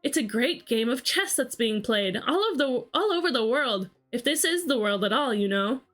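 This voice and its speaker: A woman's voice: on the high side, expressive, normal speed, fairly bright tone, faint music behind. A woman reading aloud and voicing a polite, curious young girl in a storybook reading. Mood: excited. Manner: polite, eager, wondering.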